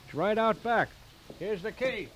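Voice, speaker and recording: A man putting on the voice of a grumpy old gas station attendant with a creaky old-timer drawl. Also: sits high, lively intonation, unhurried, highs cut off, background noise, pitched above the performer's own voice. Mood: grumbling.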